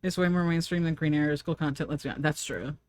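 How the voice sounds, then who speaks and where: A woman's voice: deep voice, fairly even intonation, fast talker, no echo. A woman streamer chatting casually while she draws, rambling from thought to thought, laughing often and answering her chat.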